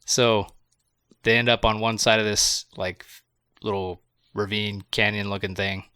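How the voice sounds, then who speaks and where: Laughing, foul-mouthed podcast guy, bright voice. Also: fairly low pitch, little pitch movement, unhurried, clear, resonant tone, dry recording, clean studio sound. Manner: laughs often, swears freely, recounts plot in loose rambling bits. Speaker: podcast co-host. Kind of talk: casual movie review chat.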